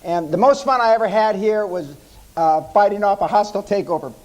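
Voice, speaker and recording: A man's voice: sits high, fairly quick, a little mellow, low-quality recording. An American man in his fifties giving a live seminar talk, telling brash stories laced with profanity. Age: 50s. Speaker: seminar speaker.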